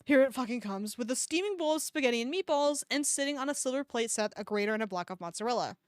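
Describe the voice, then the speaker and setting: A woman's voice: fairly high pitch, expressive, fast talker, dry recording, clean studio sound. A woman streamer reading a fan fiction aloud, breaking off to mock it with sarcastic, swearing asides. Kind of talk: comedic dramatic reading with commentary.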